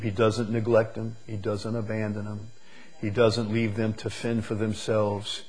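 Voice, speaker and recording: A man preaching a sermon, drawing words out slowly and swinging from loud emphasis to hushed, quiet lines. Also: lowish voice, husky, low-quality recording. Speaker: pastor.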